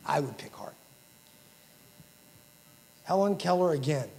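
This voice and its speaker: Gravelly man giving a keynote in a hall. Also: fairly high pitch, expressive, normal speed. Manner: emotional, inspirational, quotes famous sayings. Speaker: keynote speaker. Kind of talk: banquet keynote speech. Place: large banquet hall. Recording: reverberant hall.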